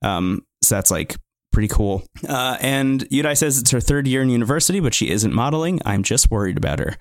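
A man's voice: medium pitch, lively intonation, fairly quick, no room sound, clean studio sound. A man in his thirties casually recapping a show as a podcast co-host, joking loosely and lifting his voice to quote lines. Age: 30s.

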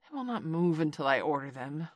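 A woman voicing a huge old male python, calm and menacing, who speaks in a slow, cool, commanding way. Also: low-pitched, no room sound, studio quality.

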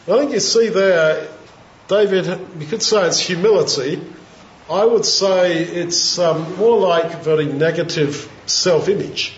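A man giving an informal, reflective Bible teaching in a conversational way, pausing with fillers as he thinks. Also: high voice. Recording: roomy, dull lo-fi sound.

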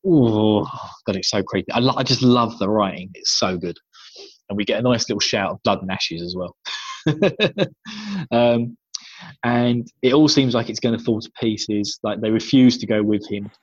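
A man's voice: on the low side, moderate pace, breathy edge, no echo, highs cut off. An English man co-hosting a podcast, chatting casually through a book recap, laughing often and slipping into voices for the scenes. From England. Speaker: podcast co-host.

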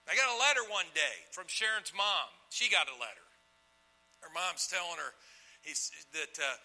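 Male pastor, sermon storytelling; animated, bright and forceful. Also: a little high, poor audio. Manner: animated storyteller, swings from loud to hushed. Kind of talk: sermon with personal testimony.

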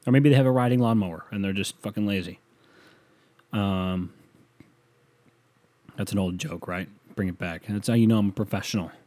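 A man's voice: on the low side, moderate pace, long pauses, warm tone. A man delivering a profane, sarcastic comedic rant as a solo monologue.

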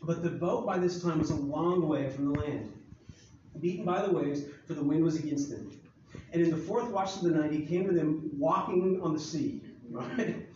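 A man's voice: fairly high pitch, moderate pace, darkish tone, a little hiss or hum. A man preaching a casual sermon to a live audience, joking and acting out Bible scenes. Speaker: pastor. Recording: far-off echoey hall, dull sound.

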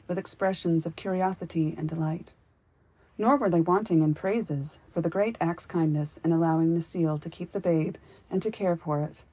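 A woman reading a children's fairy-tale audiobook aloud in a gentle, unhurried storybook narration. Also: low voice. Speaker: audiobook reader.

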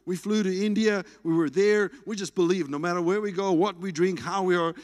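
A man with a South African accent preaching a sermon in a church, animated and playful. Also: high voice, brisk. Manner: animated, playful preaching with food talk and shouts. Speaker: pastor. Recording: reverberant church hall.

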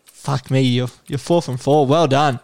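A man's voice: medium pitch, steady tone, measured pace, creaky, darkish tone. A man hosting a podcast, quizzing his co-host in a playful, casual way and calling him mate. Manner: playful, swearing, uses "mate". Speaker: podcast host running a quiz. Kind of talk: casual chat.

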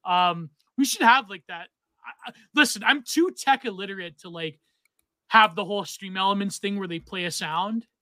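Male podcast co-host, loose rambly chat, high-pitched, dry close sound. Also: moderate pace, sharp tone, no echo. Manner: rambling, many fillers and restarts. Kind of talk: casual chat on a livestream.

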